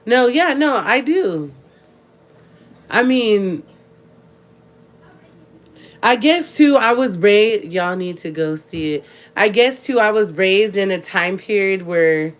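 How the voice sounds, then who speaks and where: A woman's voice: medium pitch, expressive, slow, pauses often. A young woman vlogger and mother chatting emphatically to her viewers, speaking to them directly in a casual way. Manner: coos softly in baby talk to her infant. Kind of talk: casual talk to camera.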